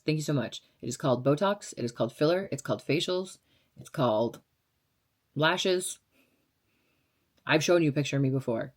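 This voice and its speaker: A woman's voice: sits low, expressive, normal speed, pauses often. Woman, twenties, from Las Vegas, casual chat, sarcastic, straightforward, filler-heavy. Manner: blunt, sarcastic, chatty with laughs and fillers. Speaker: radio DJ and vlogger. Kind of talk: casual chat answering viewer questions.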